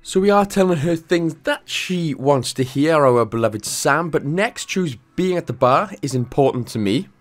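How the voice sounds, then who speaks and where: A man's voice: on the high side, animated, moderate pace, hardly any pauses. A man hosting a game walkthrough in casual commentary, chatty and jokey, drifting into playful asides.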